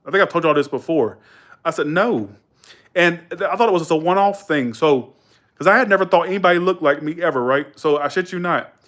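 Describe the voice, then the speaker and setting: A man's voice: on the high side, brisk, a bit bright. A young man from Georgia, chatting casually with viewers and rambling through a story, full of restarts and asides. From Georgia, USA. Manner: rambling, self-correcting, colloquial, quotes others in raised voice. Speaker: live streamer chatting with viewers.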